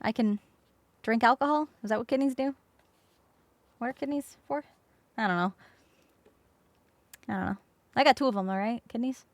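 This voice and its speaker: A woman streamer telling a story in casual chat, expressive, swearing casually and acting out the people she quotes. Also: fairly high pitch, normal speed, long pauses, no room sound. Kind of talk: casual storytelling while crafting.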